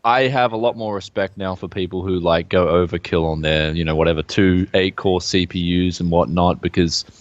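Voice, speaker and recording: A relaxed man with a lowish voice co-hosts a gaming podcast, speaking in an easygoing drawl. His audio is dry and a bit dull, like a lo-fi mic with no room sound. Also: brisk, hardly any pauses, dry recording. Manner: laid-back, drawling, says man and dude a lot. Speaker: co-host. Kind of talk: casual tech podcast chat.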